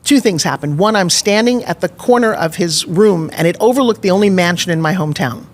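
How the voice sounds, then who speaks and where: A woman in her sixties from New York, with a New York accent, telling animated, expressive stories as an interview guest. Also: on the low side, a little fast. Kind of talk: storytelling in an interview.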